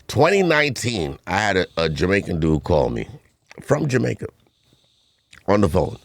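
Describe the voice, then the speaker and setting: A man's voice: deep voice, big pitch swings, normal speed, creaky. A man, co-hosting a podcast and trading teasing banter while telling stories on a studio mic. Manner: teasing, boastful storyteller. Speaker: podcast co-host. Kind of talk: casual banter.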